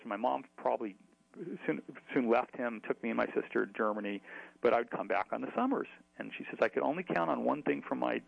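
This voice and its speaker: A man's voice: medium pitch, gravelly, no echo, dull audio. A man telling a long story in an interview, chatty, with many fillers and restarts. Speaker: author.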